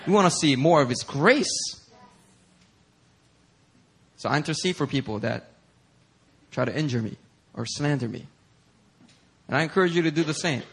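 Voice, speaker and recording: Husky-voiced pastor preaching a sermon. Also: male voice, on the high side, normal speed, pauses often. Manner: animated storytelling, conversational. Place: church sanctuary.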